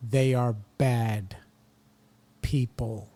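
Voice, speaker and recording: A man's voice: medium pitch, fairly even intonation, drawn-out words, mellow. A middle-aged man hosting a podcast, ranting bluntly and casually in slangy opinionated talk. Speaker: podcast host.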